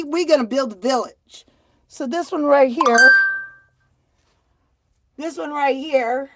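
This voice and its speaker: A woman's voice: high voice, dry recording. A woman chatting casually on a live stream from home, folksy and self-mocking as she shows off her handmade blankets.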